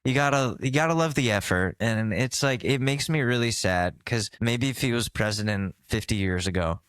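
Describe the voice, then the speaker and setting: A man's voice: medium pitch, moderate pace, fairly bright tone, clear, resonant tone, no room sound. A man co-hosting a podcast in casual comedic chat, rambling and jokey, often launching into bits. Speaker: podcast co-host.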